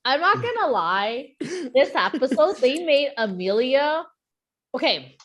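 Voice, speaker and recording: A woman co-hosting a casual podcast chat, laughing often and adding quick asides. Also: sits high, very animated, a bit bright, a little hiss or hum. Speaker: podcast co-host.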